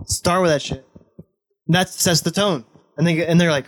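A young man with a somewhat high voice talks in casual chat. He is blunt and pushy, swearing freely as he presses his point. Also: normal speed. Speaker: podcast guest, host's best friend.

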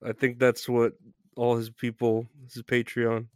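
A man's voice: mid-range voice, monotone, unhurried, smooth, no room sound, studio quality. A man as a podcast guest, talking casually in a laid-back, rambling way and laughing often.

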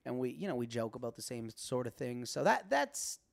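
A young man, a comedian guest, telling a story in casual podcast chat, with many stammered restarts and big jumps in pitch when he quotes himself. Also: big pitch swings, fairly quick, vocal fry, dry recording, studio quality.

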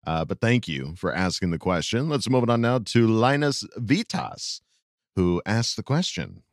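A man's voice: lowish voice, animated, moderate pace, no room sound, studio quality. A male podcast host in casual fan chat, upbeat and laughing as he reads listener questions.

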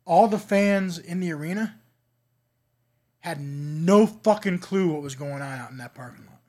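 A man's voice: on the high side, measured pace, dark tone. A man guesting on a podcast, telling backstage stories from his wrestling past in a rambling, profane, laughing way. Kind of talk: casual storytelling chat.

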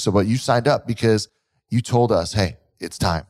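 Here a man speaks in a fairly low register at a moderate pace. A fitness coach who runs a gym, he co-hosts an easygoing podcast and tells animated stories, voicing the quotes himself.

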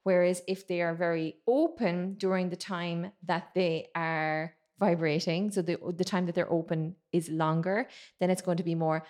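A woman vocal coach giving a chatty singing lesson, explaining technique and breaking into quick sung and spoken demonstrations. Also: lowish voice, fairly even intonation, a little mellow.

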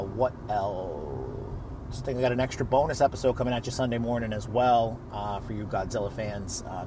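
A man hosting a podcast in a relaxed, rambling way, full of fillers. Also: fairly low pitch, background noise. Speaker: podcast host. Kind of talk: casual podcast chat. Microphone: video call microphone.

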